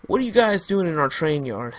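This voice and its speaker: A man's voice: on the high side, sing-song, a little fast, voice pushed up. A man voicing a stern, hostile rifleman who gives snarly, commanding orders. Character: stern gruff male rifleman leader, hostile.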